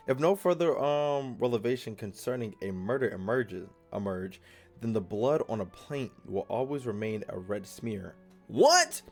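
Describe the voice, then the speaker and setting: A man's voice: medium pitch, darkish tone. Joking male gamer reading game dialogue. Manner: casual, jokey, stumbles over words and swears. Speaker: gaming video host. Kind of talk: reading game dialogue aloud while playing.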